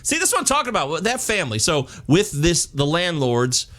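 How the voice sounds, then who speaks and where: A man's voice: a little high, huge pitch swings, brisk, a bit bright. Blunt, jokey man on a podcast. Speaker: podcast co-host. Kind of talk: casual movie review chat.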